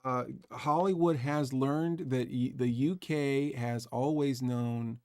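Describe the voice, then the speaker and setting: A man's voice: mid-range voice, fairly even intonation, slow pace, darkish tone, clean tone, no echo, studio quality. A man hosting a horror movie livestream, chatting casually and hunting for words. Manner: rambling, searching for words. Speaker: horror movie show host.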